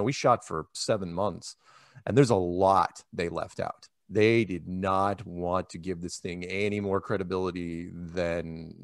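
Rambling low-voiced American man. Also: no echo, studio quality. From United States. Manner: rambling, many restarts and acted-out quotes. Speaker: interview guest. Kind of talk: casual interview talk.

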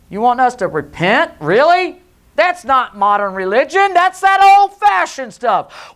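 A middle-aged man preaching a Pentecostal sermon, jumping between loud calls and low intense passages. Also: very animated, normal speed. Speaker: pastor. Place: church sanctuary.

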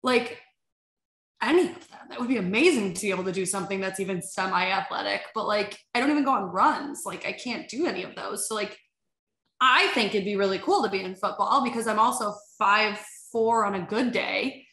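A woman's voice: mid-range voice, brisk, pushed and bright. A woman guesting on a podcast, telling stories animatedly with lots of fillers and acted-out quotes. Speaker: podcast guest, sports agency head. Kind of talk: casual chat. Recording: roomy echo.

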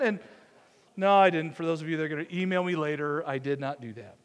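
A man's voice: on the high side, fast. A male pastor telling a personal story in a conversational sermon, joking at his own expense and acting out the dialogue. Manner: conversational, self-deprecating humor, acts out dialogue. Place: church sanctuary. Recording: long reverb of a church hall.

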